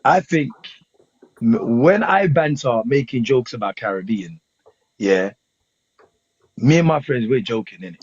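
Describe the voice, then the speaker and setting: A man's voice: mid-range voice, animated, measured pace, pauses often, husky, no room sound. A man hosting a casual podcast debate, rambling and repeating phrases, often asking "you know what I'm saying", in a dull lo-fi recording. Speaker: podcast host.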